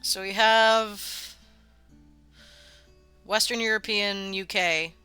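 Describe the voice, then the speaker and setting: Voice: mid-range voice, steady tone, very slow, pushed and bright, smooth, dry recording, faint music behind. A streamer chatting casually while building a game world, rambling, laughing often and swearing freely. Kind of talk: casual live-stream chat.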